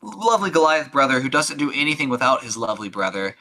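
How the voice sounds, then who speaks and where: A man's voice: medium pitch, fast, bright, forceful tone. A man playing a tabletop game, amused and laughing with the group. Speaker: player. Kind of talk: casual tabletop play.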